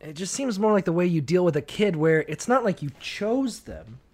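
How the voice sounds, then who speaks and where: A man co-hosting a loose podcast conversation, swearing freely and laughing as he riffs. His voice sits slightly high for a man, and his talk stays irreverent and animated with mimicry. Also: normal speed. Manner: irreverent and profane, laughs often, acts out voices. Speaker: podcast co-host. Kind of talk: casual chat.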